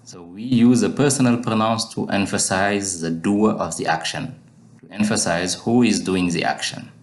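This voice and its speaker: A man's voice: fairly low pitch, moderate pace, roomy sound. A man teaching a language lesson, patiently repeating each word for learners to drill.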